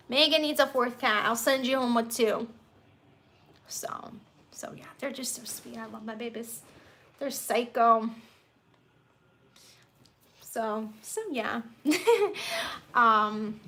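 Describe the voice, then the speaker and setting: A young woman hosts a casual live stream from her bedroom, her voice high and bright. She rambles in a chatty, bubbly way and greets viewers as she reads their comments aloud. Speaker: livestream host.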